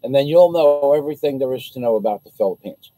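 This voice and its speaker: A man's voice: mid-range voice, expressive, quick pace, mellow, no room sound, rough recording. An American man vlogging from the Philippines, telling an indignant, rambling story on a casual livestream. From United States.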